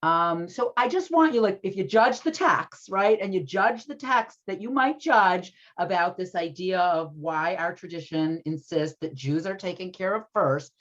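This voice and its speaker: A woman with a low voice leads an online ethics class, chatting loosely and often checking in with "right?". Her sound comes through a dull, lo-fi video-call line. She teaches in an easy conversational way. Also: animated, moderate pace, hardly any pauses. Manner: chatty, many fillers, keeps asking "right?".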